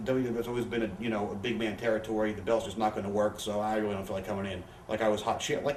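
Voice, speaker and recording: Male interview guest, rapid rambling storyteller with salty language; roomy home recording, faint hiss. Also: fairly low pitch, little pitch movement, recorded from a distance. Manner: profane, rambling anecdotes with quoted voices. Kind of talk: candid storytelling. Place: living room.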